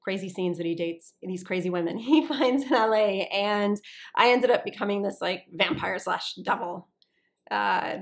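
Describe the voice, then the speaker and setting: A woman voice actor talks casually as an interview guest, with a middle pitch. She is chatty and keeps breaking off to start her sentences again. She often asks whether the listener understands. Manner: chatty, restarts sentences, checks in with "you understand?".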